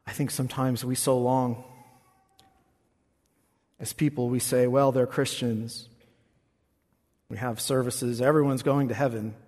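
A man preaching a sermon as pastor, moving from quiet, reflective talk to loud, shouted passages. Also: medium pitch, little pitch movement, a little slow, long pauses. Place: church. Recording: long reverb in a church hall.

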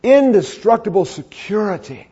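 A male pastor delivering a sermon in an earnest, measured way, leaning hard on key words. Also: high-pitched, lively intonation, dark tone, breathy edge, dull audio. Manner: earnest, measured preaching with emphatic stresses.

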